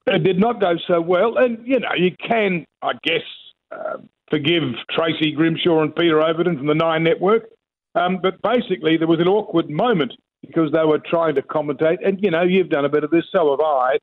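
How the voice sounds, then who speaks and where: A man reports to a radio host in a relaxed chat, often stopping to search for words. His voice sits slightly high and sounds thin and tinny, as if on a phone line. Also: fairly quick. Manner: chatty, with frequent fillers and restarts. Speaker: radio correspondent.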